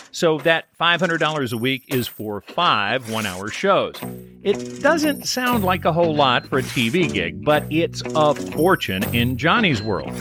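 Male co-host describing scenes, bright forceful voice, faint music behind. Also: mid-range voice. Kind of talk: describing and discussing a TV episode.

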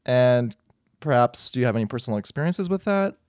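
A man's voice: mid-range voice, lively intonation, fairly quick, crowd noise. A man co-hosting a podcast, chatting in a wry, teasing way. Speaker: podcast co-host. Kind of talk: casual chat.

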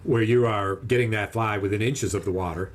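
A man casually telling a long, animated fishing story, acting out the other people's lines in raised voices. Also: on the low side, brisk.

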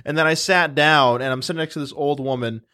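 A young man talking casually as a podcast host, his voice sitting a bit high for a man. He rambles and circles back on himself, with "like" in almost every sentence. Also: fairly even intonation, quick pace, bright, forceful tone. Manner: rambling storyteller, heavy use of "like". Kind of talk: casual chat.

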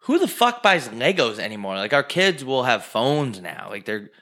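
A young man with a bright, edgy timbre speaks in loose podcast chat. He is blunt and offhand and drops swear words freely. His pitch is ordinary and mid-range. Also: big pitch swings, moderate pace. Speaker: podcast co-host. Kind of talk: casual chat.

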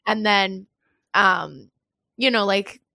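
A woman's voice: medium pitch, slow, creaky, sharp tone, dry recording. Young adult woman, conversational, talks in loose run-on stories; dry, close recording. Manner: chatty storyteller, heavy use of "like". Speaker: nightclub worker sharing a work story. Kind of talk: casual chat.

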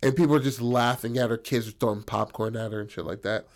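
A man's voice: mid-range voice, fairly even intonation, fast talker. A young man casually telling a story, rambling and profane, full of fillers.

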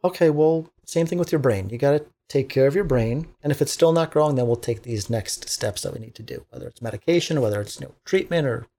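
A man who works as a teacher, talking casually on a podcast in an animated, motivational way, acting out little quotes. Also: medium pitch, quick pace, hardly any pauses. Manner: animated, preachy motivational talk with acted-out quotes.

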